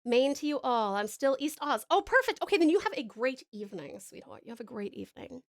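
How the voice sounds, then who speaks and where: Soft-spoken Australian woman streamer. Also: high voice, very animated, fairly quick. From Tasmania, Australia. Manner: soft, affectionate, chuckling, rambling asides. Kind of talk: casual livestream chat while drawing.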